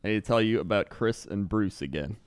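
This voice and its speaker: Smooth-voiced male podcast co-host, rambling storyteller, dry close mic. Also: fairly low pitch, animated, fast talker, no echo. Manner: rambling, chuckling, loose. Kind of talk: casual storytelling chat.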